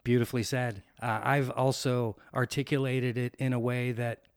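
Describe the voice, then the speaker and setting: A man hosting a casual podcast conversation, thoughtful and unhurried, often circling back with "you know" as he thinks aloud. His voice sits at a middle pitch. The sound is dry and close. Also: flat delivery, dry recording. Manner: reflective, frequent "you know" and restarts.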